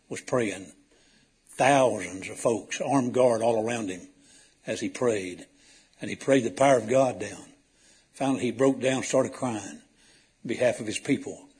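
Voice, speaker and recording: A man's voice: fairly low pitch, a little mellow, slightly rough. A man preaching a sermon to his congregation in a folksy, storytelling way that rises to emphatic calls.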